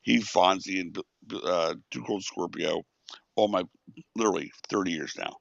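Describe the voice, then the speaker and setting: A man, a wrestling promoter and interview guest, telling lively, salty stories. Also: low-pitched, normal speed, creaky, dry recording, highs cut off. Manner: animated storyteller, swears.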